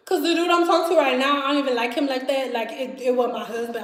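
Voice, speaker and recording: Brief: young Detroit woman, casual storytime vlogger, high voice, lively and laughing. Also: fast talker, hardly any pauses, reverberant. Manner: chatty, animated, laughs often, acts out voices. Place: home kitchen.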